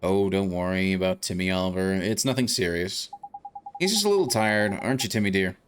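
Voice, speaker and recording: A man's voice: low voice, fairly quick, a little hiss or hum, lightly acted. A man voicing a fussy, doting older woman who owns a cat in a video game, cooing and fussing as she talks. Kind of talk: reading game dialogue aloud.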